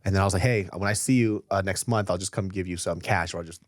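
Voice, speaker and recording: A man's voice: low-pitched, fast talker, no echo. A man co-hosting a podcast in casual chat, swearing often and getting worked up as he tells stories. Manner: animated, swears a lot, voice jumps when worked up. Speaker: podcast co-host.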